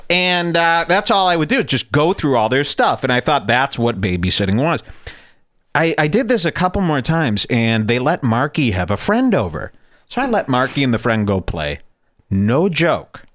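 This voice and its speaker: A man's voice: medium pitch, normal speed, no echo, clean studio sound. A man hosting a podcast, telling stories in a casual, profane and jokey way. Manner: animated, profane, jokey storyteller. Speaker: podcast host. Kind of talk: casual storytelling chat.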